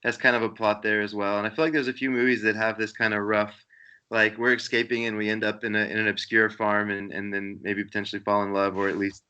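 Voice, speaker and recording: A man on a film podcast, thinking aloud in a relaxed, reflective way. His voice is bright and clear, sitting somewhat low in pitch. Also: fast talker, muffled recording. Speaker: podcast co-host. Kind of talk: casual film chat.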